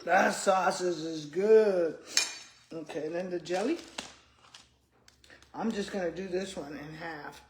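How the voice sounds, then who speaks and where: Speaking slowly and pausing often, this woman in her 60s has a fairly low pitch. A former principal, she chats with viewers as y'all while she eats, murmuring and humming between bites.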